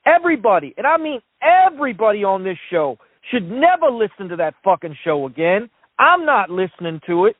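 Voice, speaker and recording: A man's voice: high voice, very animated, brisk, hardly any pauses, no room sound. A male caller on a call-in show delivering a furious, profane rant. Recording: dry phone line.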